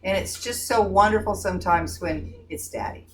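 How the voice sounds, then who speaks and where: An older woman telling family stories in a folksy, animated way, laughing at her own tales in a casual group chat. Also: medium pitch, normal speed. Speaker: staff member at a pregnancy center. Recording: distant mic with clear background noise.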